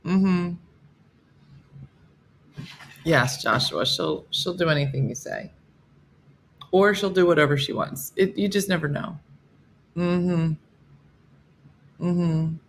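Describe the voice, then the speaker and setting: Her voice is lowish and gravelly, and she takes things slowly with long pauses, against slight background noise. This woman in her fifties hosts a casual live morning stream, joking and replying to commenters by name.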